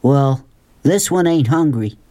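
A woman's voice: a bass voice, animated, slow pace, dark tone, exaggerated voice. A woman reading a storybook aloud, voicing a young boy who speaks bluntly and cautiously. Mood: wary. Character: wary, plain-spoken young boy.

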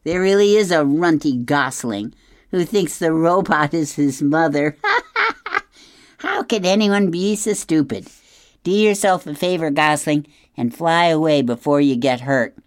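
A woman's voice: low voice, very animated, a little slow, few pauses, darkish tone, dry recording, studio quality. A woman voicing Nettle, a sneering young she-bear. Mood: mocking. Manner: mocking, taunting. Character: bossy young female bear, sneering bully. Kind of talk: read-aloud storybook.

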